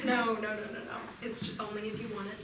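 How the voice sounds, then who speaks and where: A woman's voice: mid-range voice, level tone, fast talker, far from the mic, natural voice. A woman playing a chatty estate manager hosting a funeral, bubbly and rambling, in live improv comedy. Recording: roomy live stage recording from afar, noisy.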